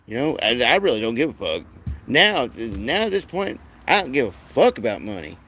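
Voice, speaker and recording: A man's voice: medium pitch, big pitch swings, normal speed, pushed and bright, a little hiss or hum. A man delivering a rambling, profane monologue as the channel's host, often restarting his sentences.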